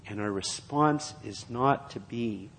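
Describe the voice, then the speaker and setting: A man's voice: lowish voice, slow, fairly bright tone, a little hiss or hum. A man preaching a sermon and reading scripture aloud, in an earnest, repetitive preaching cadence. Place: church. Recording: long hall reverb.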